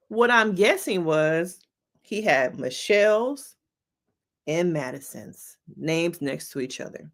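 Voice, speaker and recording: A woman's voice: fairly low pitch, expressive, takes it slowly. A woman, a licensed therapist, giving casual reaction commentary on a reality show, talking straight to her viewers in a chatty, slangy, playful way.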